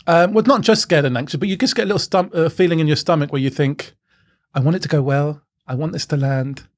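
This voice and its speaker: Young irish guy, comedian being interviewed, camp and cheeky, giggles a lot, fairly high voice. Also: fast. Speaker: comedian guest. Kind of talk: casual interview chat.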